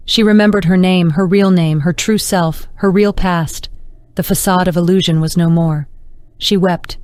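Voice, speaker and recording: A woman narrating an audiobook in a measured, dramatic reading. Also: fairly low pitch, steady tone, darkish tone, clean tone, dry recording. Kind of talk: scripted narration.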